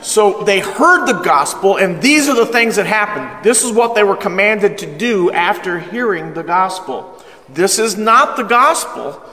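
A man preaching a sermon as pastor, energetic and emphatic, calling the congregation to respond. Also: sits high, unhurried. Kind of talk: sermon, Bible study teaching. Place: church hall with live congregation. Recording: echoey hall with long reverb.

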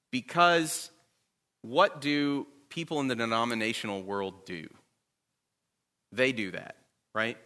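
A man's voice: mid-range voice, bright, forceful tone. A man teaching a Bible class in a conversational way, often checking in with his listeners.

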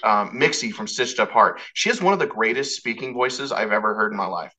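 A man's voice: fairly low pitch, expressive, a little fast, bright, forceful tone, low-quality recording. A man hosting a podcast in a rambling casual way, swearing now and then. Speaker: podcast host. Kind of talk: casual interview chat.

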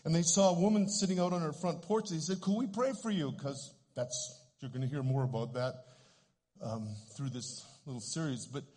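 A man's voice: mid-range voice, moderate pace. Man in his sixties preaching in a reverberant hall. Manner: earnest storyteller, animated when telling of healings. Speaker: ministry director. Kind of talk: sermon with storytelling.

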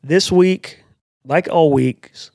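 Young male podcast host, gravelly, chatty and loose, dry close mic. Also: a little high, extremely slow, darkish tone, dry recording. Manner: rambling, filler-heavy, joking. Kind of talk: casual chat.

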